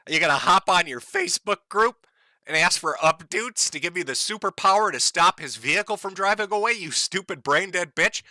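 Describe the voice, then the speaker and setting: A man's voice: on the high side, sharp tone, no room sound. A man giving profane, mocking video commentary in a sneering, sarcastic rant.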